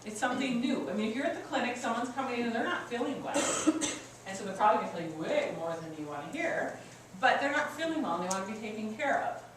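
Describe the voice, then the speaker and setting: Animated and quick, a woman with a slightly high voice coaches an audience on customer service during a workshop in a meeting room. Her teaching is conversational and built around personal stories. The sound comes from far off in an echoey room, with faint ambience and background noise.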